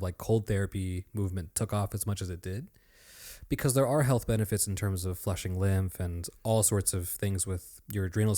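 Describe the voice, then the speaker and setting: A man's voice: sits low, mellow. A man appearing as a podcast guest, talking in an enthusiastic, chatty and complimentary way. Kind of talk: casual podcast conversation.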